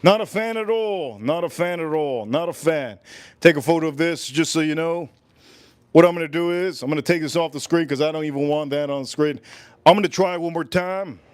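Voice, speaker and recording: A man with a fairly high voice hosts a laid-back livestream, chatting with his viewers. He draws out his words and repeats each phrase again and again, playful and in no hurry. The recording is dry and close-miked, with no room sound.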